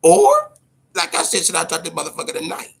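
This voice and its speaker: A man's voice: fairly high pitch, level tone, rapid-fire, vocal fry, sharp tone, slightly rough. A man hosting a casual boxing livestream, talking loosely and profanely, repeating himself and answering his chat viewers. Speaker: boxing show host.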